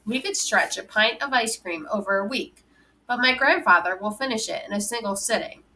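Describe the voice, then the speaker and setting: Bright-voiced woman reading a novel aloud. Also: mid-range voice, moderate pace, rough recording. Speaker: audiobook reader.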